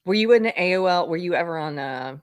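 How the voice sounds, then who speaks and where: A middle-aged woman with a low voice hosts a live-stream talk show. She chats freely, drops sly asides and laughs often. The sound is dry and close to the mic. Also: expressive, brisk, smooth, no echo. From United States. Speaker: host.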